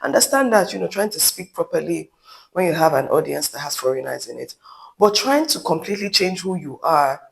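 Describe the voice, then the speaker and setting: A Nigerian man talks straight to camera in an opinion vlog. His voice sits a little high for a man. He is blunt and emphatic and keeps wandering into side remarks. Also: creaky, poor audio. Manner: candid, emphatic, with rambling asides. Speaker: vlogger.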